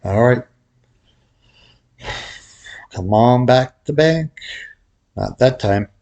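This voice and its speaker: A man's voice: medium pitch, expressive, extremely slow, vocal fry, mellow, lo-fi sound. A middle-aged man giving a casual tutorial, rambling and joking at his own expense, with a slight whistle from a cracked tooth. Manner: rambling, jokey, laughs at himself. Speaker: baccarat instructor.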